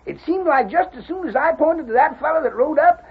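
A squeaky old frontier veteran. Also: animated. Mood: worried. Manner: drawling folksy cowboy talk, slow and fretful. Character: hungry old male Civil War veteran, timid. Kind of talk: 1940s radio acting. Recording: muffled old radio recording, faint hiss.

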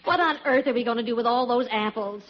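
A woman's voice: fairly high pitch, quick pace, highs cut off, natural voice. A woman playing a wry, teasing radio wife. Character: dry, teasing middle-aged wife and mother. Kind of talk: 1940s radio acting. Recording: scratchy old radio broadcast.

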